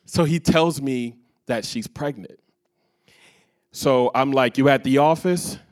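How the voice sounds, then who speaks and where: A man's voice: medium pitch, slow pace. A man preaching a sermon to a live congregation, telling stories full of quoted dialogue. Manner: storytelling with quoted dialogue, varied loudness. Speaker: pastor. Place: church stage before a live congregation.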